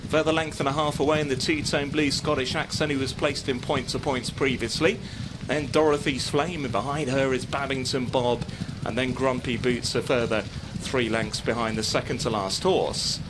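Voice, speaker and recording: A man calls a horse race live, keeping a steady flow of commentary. His voice sits at an ordinary middle pitch for a man. Clear outdoor and vehicle noise runs underneath the recording. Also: moderate pace. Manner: steady running call of the field.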